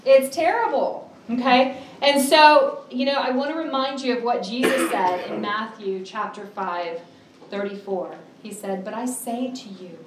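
A woman's voice: fairly high pitch, fairly even intonation, background noise. Woman preaching, echoey from a distance. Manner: earnest, emphatic, with drawn-out stresses. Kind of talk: sermon.

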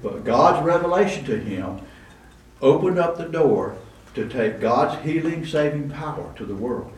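A man's voice: on the high side, animated, measured pace. A man preaching a conversational sermon, with asides and restarts, recorded in a church. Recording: roomy echo, distant mic, faint room noise.

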